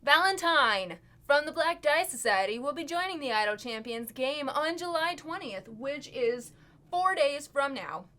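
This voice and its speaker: A woman's voice: high-pitched, animated, a little slow, pushed and bright. A woman from the cast reading a sponsor plug in a playful, goofy and slangy way.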